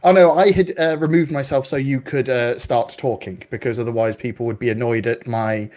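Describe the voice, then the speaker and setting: A man's voice: mid-range voice, fairly even intonation, a little fast, hardly any pauses, a little mellow. A man hosting an online tech meetup over a video call, playful and self-mocking. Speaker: meetup host. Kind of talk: casual event hosting.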